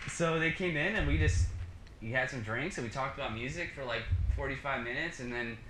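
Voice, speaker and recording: A man's voice: mid-range voice, brisk. A man telling a story in a casual chat, acting out the dialogue in his own voice with lots of fillers. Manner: animated, acts out dialogue, many fillers. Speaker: podcast guest, musician. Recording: echoey room with background noise.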